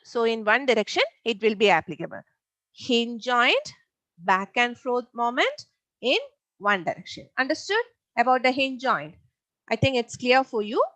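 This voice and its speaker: Woman science teacher, fairly high voice, dry close sound; drills each point with quick check-in questions. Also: sing-song, a bit bright, dry recording, poor audio. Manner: repeats points, asks pupils rhetorical questions. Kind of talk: live online class teaching.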